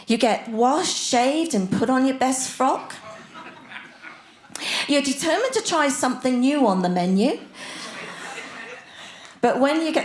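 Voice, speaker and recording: A woman of sixty, performing a chatty, self-mocking stand-up set and bantering with the crowd. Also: on the high side. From Australia. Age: 60s. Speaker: stand-up comedian. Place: theatre stage before a live audience.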